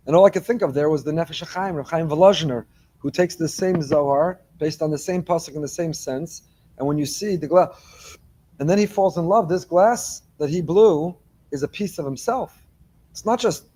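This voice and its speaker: A man, a rabbi, giving a morning Torah class with lively delivery and joking asides to his listeners. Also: fairly high pitch. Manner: animated, joking asides to the congregation.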